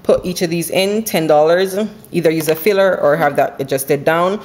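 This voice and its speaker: A woman chatting casually at home about her couponing haul, running through prices quickly and laughing now and then. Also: sits low, darkish tone. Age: adult with school-age kids. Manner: chatty, quick, runs numbers aloud, laughs often. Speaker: couponing vlogger. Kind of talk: casual haul video chat. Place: home, indoors.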